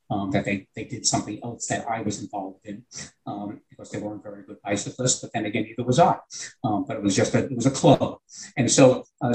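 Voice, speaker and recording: A man's voice: on the low side, darkish tone, poor audio. An older man with a New York accent, a retired teacher telling a long, earnest anecdote in conversation. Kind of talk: conversational storytelling.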